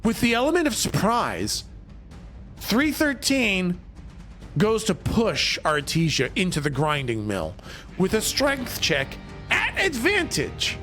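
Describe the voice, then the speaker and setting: A man runs a tabletop game on a live stream in a high, bright voice that swings widely in pitch. He narrates at an unhurried pace, excitable and quick to shout, while faint music plays behind him. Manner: excitable, breaks into laughter and shouts. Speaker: game master.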